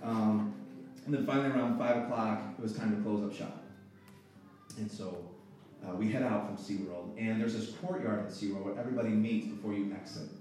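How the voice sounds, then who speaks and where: A man in his thirties, a pastor, telling a personal story in a sermon with earnest emotion and halting restarts. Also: fairly low pitch, warm tone. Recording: echoey hall, voice far from the mic, faint music.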